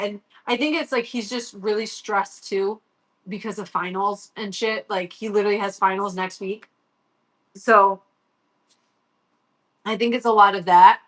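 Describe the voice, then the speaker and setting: Profane rambling woman livestreamer, bright voice. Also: on the high side. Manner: rambling, profane, emotional, quoting her son. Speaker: livestreamer, sports parent. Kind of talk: casual live-stream storytelling.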